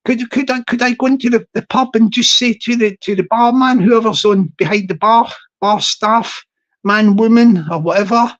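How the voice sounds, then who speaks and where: A man's voice: very high-pitched, fairly even intonation, moderate pace, a bit bright, muffled recording. A middle-aged man chatting casually to his viewers in a playful, self-amused way, drawing out place names and laughing often. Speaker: YouTube streamer chatting with viewers. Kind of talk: casual rambling chat.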